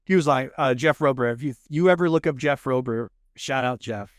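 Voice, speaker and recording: Texan guy in his 30s, podcast guest, animated storyteller, dry close mic. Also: medium pitch, brisk, no room sound. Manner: animated, acts out quoted people. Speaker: podcast guest, food show host. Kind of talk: casual storytelling. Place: podcast studio.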